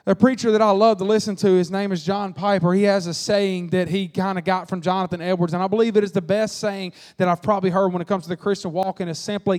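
A man preaching a Sunday sermon, folksy and animated, acting out quotes along the way. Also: high voice, fast talker, few pauses. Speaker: pastor. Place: church sanctuary. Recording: long reverb of a church hall.

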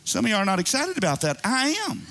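High-voiced pastor guy in his 50s preaching, whooping and joking, super lively. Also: fast talker, vocal fry, background noise. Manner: exuberant and joking, with whooping exclamations. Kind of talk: sermon.

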